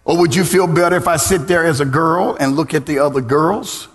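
A middle-aged man preaching a sermon as pastor, swinging into sung, shouted lines and calling on the congregation to respond. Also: on the high side, fairly quick. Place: church. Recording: church hall reverb.

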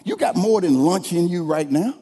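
A man preaching a sermon, leading the congregation in call-and-response and building to shouted lines. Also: high voice, animated, moderate pace, slightly rough. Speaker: pastor. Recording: long hall reverb.

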